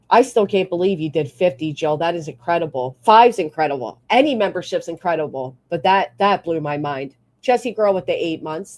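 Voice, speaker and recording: A woman's voice: fairly low pitch, darkish tone. A woman livestreamer ranting bluntly with plenty of swearing, between thanking her members. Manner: blunt, profane, fired-up. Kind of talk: live stream rant and member shout-outs.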